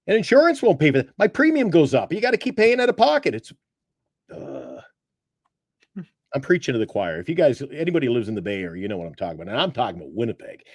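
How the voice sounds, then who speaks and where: A man co-hosting a casual sports talk show, telling stories in an animated, sarcastic way. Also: slightly rough, dry recording. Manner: animated, sarcastic storytelling with big swings of pitch. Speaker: podcast co-host.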